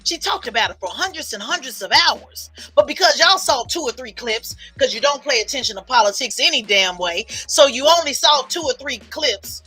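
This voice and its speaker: A woman commentator delivers a preachy livestream monologue in a forceful, somewhat high voice. Her tone is husky, and she drives home each point by repeating lines. Faint music plays behind her. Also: expressive, moderate pace, hardly any pauses. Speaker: political commentator.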